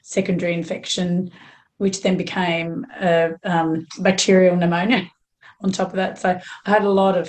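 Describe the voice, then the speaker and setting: Croaky aussie woman, middle aged, chatty guest, just rambles on honestly. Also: fairly low pitch, a little mellow. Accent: Australian. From Australia. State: slightly croaky voice. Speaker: guest runner. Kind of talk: casual chat.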